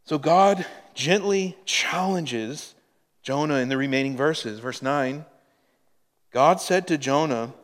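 Slow, emphatic male preacher in a hall. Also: on the high side. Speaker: pastor. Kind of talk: sermon.

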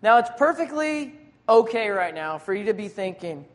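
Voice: mid-range voice, moderate pace, long reverb tail. Casual, conversational preacher. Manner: lively, dramatic retelling of scripture scenes. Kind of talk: sermon.

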